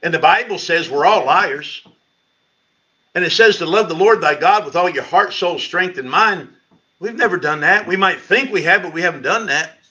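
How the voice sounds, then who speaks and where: A middle-aged pastor tells his conversion story at a church Bible study, his voice a touch high and bright with force. He tells it in a lively storyteller's way, leaping up in pitch when he quotes his own words. The sound is dull and lo-fi, like a church livestream. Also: moderate pace. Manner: storytelling, animated, rises high when quoting himself.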